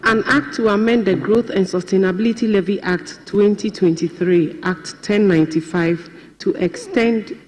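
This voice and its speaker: High-voiced clerk reading formally. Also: male voice, moderate pace, a little mellow, a little hiss or hum. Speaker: clerk of parliament. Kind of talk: reading a bill title aloud. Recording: long reverb of a large chamber.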